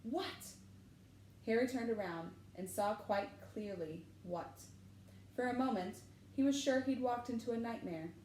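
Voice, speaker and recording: A woman teacher reading a children's novel aloud, animated and switching voices for the characters. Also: on the high side, normal speed, a little hiss or hum. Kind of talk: storybook read-aloud. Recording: echoey room with faint ambience.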